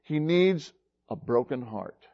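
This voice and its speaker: A man preaching a sermon, retelling a story slowly and haltingly with many pauses and fillers. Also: medium pitch, animated, dull audio.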